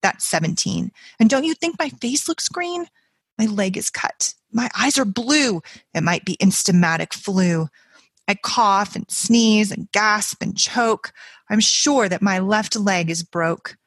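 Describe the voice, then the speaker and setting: A woman's voice: expressive, unhurried, fairly bright tone, breathy edge, no echo, exaggerated voice. A woman reading a poem aloud and voicing a little girl who is faking a long list of ailments, in a melodramatic, complaining way. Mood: whiny, dramatic. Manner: breathless, melodramatic complaining that jumps high in pitch. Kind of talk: dramatic poetry reading.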